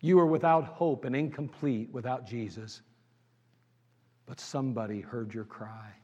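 A man preaching a sermon in a church, asking the crowd question after question and swinging between loud pleading and hushed tones. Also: medium pitch, a little slow, husky, long reverb tail, muffled recording.

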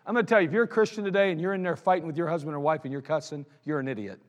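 Blunt high-voiced preacher man. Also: racing. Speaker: pastor. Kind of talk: sermon. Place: church sanctuary. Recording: long hall reverb of a church sanctuary.

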